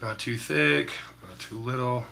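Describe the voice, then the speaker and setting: Bright-voiced laid-back streaming painter man. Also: mid-range voice, measured pace, vocal fry, slight background noise. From Utah. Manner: laid-back, slangy, talks to chat. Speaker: livestreaming painter. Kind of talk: casual live-stream chat while painting.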